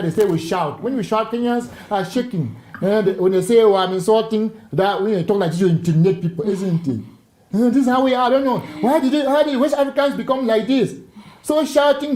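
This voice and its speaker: Male talk show guest. Mellow, animated storyteller who restarts his phrases. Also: very high voice, rough recording. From Cameroon. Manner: animated storyteller, repeats words when starting a thought.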